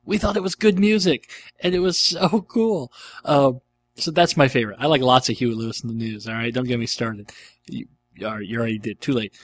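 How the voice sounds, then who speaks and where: A man's voice: mid-range voice, brisk. A middle-aged man hosting a casual question-and-answer show, rambling and enthusiastic, with many ums and uhs. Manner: rambling and enthusiastic, with frequent fillers. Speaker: podcast host answering listener questions. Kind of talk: casual chat.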